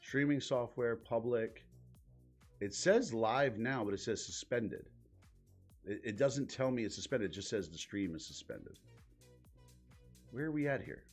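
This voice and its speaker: A man's voice: medium pitch, expressive, measured pace, pauses often, soft background music. A man hosting a live stream in casual commentary, exasperated and swearing, muttering to himself as he searches his screen. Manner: profane, exasperated, thinking aloud while clicking around.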